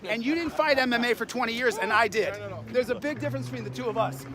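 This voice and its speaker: In a very high, slightly bright voice and at a somewhat fast clip, a self-styled independent journalist records himself goading and insulting police officers in a public car park, his manner aggressive and mocking.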